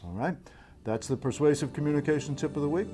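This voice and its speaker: A man presenting a communication tips lesson straight to the viewer, in a clear, deliberate, instructional way. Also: fairly high pitch. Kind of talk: direct-to-camera coaching lesson.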